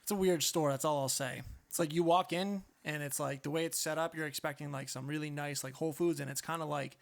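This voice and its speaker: A man's voice: fairly high pitch, steady tone, quick pace, gravelly. A young man in a casual chat, making dry, wry side remarks. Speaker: podcast co-host.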